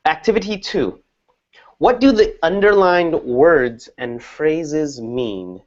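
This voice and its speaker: A man's voice: mid-range voice, a little mellow. Patient male English teacher, lo-fi. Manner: patient, explains slowly with repeated examples. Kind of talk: classroom teaching. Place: classroom.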